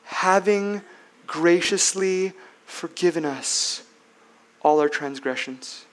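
High-voiced, slow, emphatic preacher man. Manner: emphatic preaching, swinging between loud and hushed; asks rhetorical questions. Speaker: pastor. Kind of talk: sermon.

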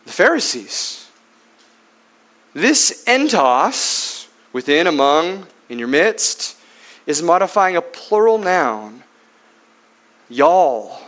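A man's voice: high-pitched, a bit bright. A man preaching a teaching sermon, often asking his listeners questions and answering them himself. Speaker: Bible teacher.

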